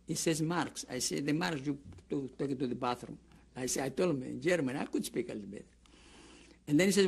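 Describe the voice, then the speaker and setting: This interviewee, an older camp survivor with a Greek accent, talks at normal speed in a gravelly, husky voice on the high side. His oral history story wanders with restarts as he acts out the people he quotes.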